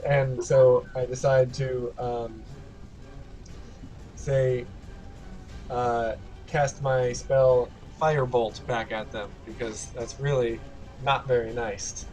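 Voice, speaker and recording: A man's voice: medium pitch, level tone, takes it slowly, a little mellow. Give me a man playing a character in a tabletop game. He describes his turns plainly and adds a light, playful whine. Faint music runs underneath. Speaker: player.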